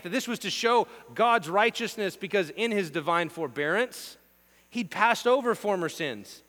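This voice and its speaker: Emphatic high-voiced male preacher, reverberant hum. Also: expressive, measured pace. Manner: emphatic, rhythmic lists, shifts between hushed and forceful. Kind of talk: sermon. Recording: long reverb with mains hum.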